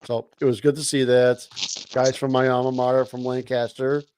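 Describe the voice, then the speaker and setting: A man with a mid-range voice talks football in an easy, chatty way. He sounds relaxed and conversational as he co-hosts the show. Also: mid-range voice, normal speed, slight background noise, low-quality recording. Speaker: podcast co-host. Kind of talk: casual sports chat.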